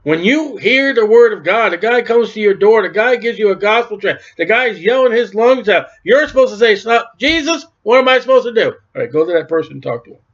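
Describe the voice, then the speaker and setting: Man, high voice, casual preacher, acts out dialogue, dull lo-fi recording. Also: expressive, a little fast, few pauses. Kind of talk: informal sermon.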